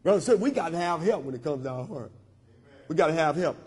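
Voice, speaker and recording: In a church sanctuary full of long hall reverb, a male pastor delivers a sermon in a fairly high, husky, darkish voice. He talks fast with lively intonation, repeating lines call-and-response style.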